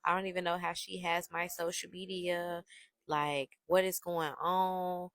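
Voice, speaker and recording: A woman quoting her flustered, confused young boyfriend, speaking slowly and pleadingly. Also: lowish voice, flat delivery, a bit bright, no echo, clean studio sound.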